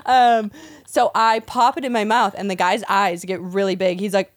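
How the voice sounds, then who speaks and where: A woman's voice: mid-range voice, steady tone, brisk, no echo. A woman in her thirties co-hosting a casual podcast with a mid-range voice. She is blunt and laughs often, swearing freely. The recording is close and dry. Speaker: podcast co-host. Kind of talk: casual chat, storytelling.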